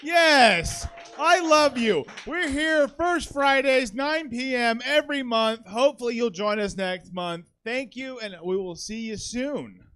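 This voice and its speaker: A man hosts the close of a comedy night with a strikingly high, bright and smooth voice, joking through the sign-off. Faint music plays behind him. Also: a little slow, hardly any pauses. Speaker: show host. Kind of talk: closing show announcements.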